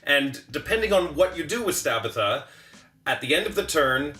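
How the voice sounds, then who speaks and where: Relaxed male developer in an echoey room. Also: a little high, moderate pace. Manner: relaxed, hesitant, thinks aloud. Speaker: game developer. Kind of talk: casual chat.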